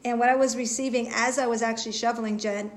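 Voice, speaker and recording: A woman hosting a live spiritual reading, talking earnestly in halting, repetitive phrases with many fillers and restarts. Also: on the high side, steady tone. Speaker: intuitive reader and host.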